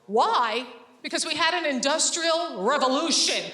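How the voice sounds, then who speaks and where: A woman stand-up comic works a crowd with sarcasm. She acts out quick back-and-forth dialogue in a fairly high voice. The room rings with echo around her. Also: lively intonation, fairly bright tone, a little hiss or hum. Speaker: stand-up comedian. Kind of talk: stand-up comedy set. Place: stage before a laughing audience.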